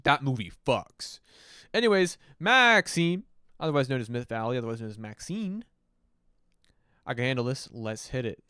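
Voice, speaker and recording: Smooth-voiced man, rambling stream host. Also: mid-range voice, very animated, normal speed, sharp tone. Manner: loose, rambling and profane, many fillers. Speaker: host reviewing music submissions. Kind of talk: casual livestream commentary.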